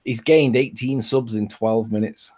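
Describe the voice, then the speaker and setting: A man's voice: mid-range voice, fairly even intonation, unhurried, a little mellow. A man co-hosting a casual chat, making dry, teasing remarks. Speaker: co-host.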